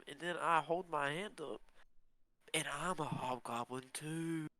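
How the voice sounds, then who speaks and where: A man playing a tabletop game, excitable and slangy in his talk. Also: on the high side, a little slow, rough recording. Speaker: player. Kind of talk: casual tabletop role-play.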